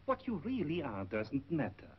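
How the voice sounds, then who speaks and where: An actor playing a smooth-talking middle-aged male shop owner with oily, ingratiating charm, in 1930s film acting on a dull 1930s film soundtrack. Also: on the high side, wildly swooping pitch, normal speed, heavily acted. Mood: coaxing.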